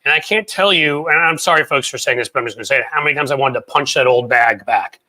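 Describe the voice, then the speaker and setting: A man's voice: mid-range voice, fast talker, pushed and bright. A man in his forties hosting a casual political chat show, blunt and profane, rambling through his stories. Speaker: host.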